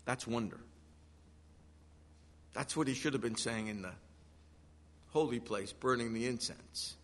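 A man delivers a sermon with a high, bright voice that swings widely in pitch. He acts out the quotes he reads in an animated way. His voice carries a long reverb, as if in a big hall. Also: moderate pace, long pauses. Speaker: pastor.

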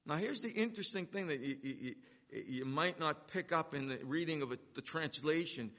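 A man preaching a sermon as a pastor, emphatic, swinging between loud stresses and hushed asides and slowing down to drive points home. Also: a little high, animated, in a large hall.

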